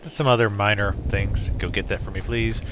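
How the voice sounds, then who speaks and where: A man's voice: lowish voice, fairly even intonation, moderate pace, fairly bright tone, a little hiss or hum. A man hosting a let's play, giving casual, rambling, jokey commentary while he plays.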